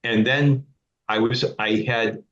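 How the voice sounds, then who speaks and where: A man tells his story as a podcast guest, rambling and stopping to restart his sentences. His voice sits at an ordinary middle pitch. The recording is dull and lo-fi, with a roomy echo. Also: fairly even intonation, a bit bright. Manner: rambling, halting, with many restarts. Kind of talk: casual storytelling interview.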